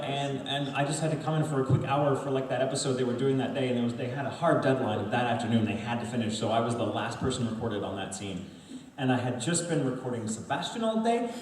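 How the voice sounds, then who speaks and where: A man who voices cartoon roles, telling animated, laughing stories at a fan Q&A panel in a big hall. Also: mid-range voice. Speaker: voice actor panel guest. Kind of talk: storytelling Q&A panel. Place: large convention panel hall. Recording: echoey hall, distant mic, heavy noise.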